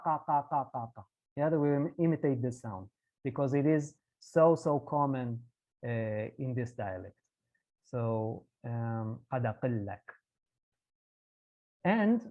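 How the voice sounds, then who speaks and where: A lecturer giving a patient, explanatory online talk over a video call, often checking in with a quick "yeah". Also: medium pitch. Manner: patient, tags points with "yeah". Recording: tinny phone-like line.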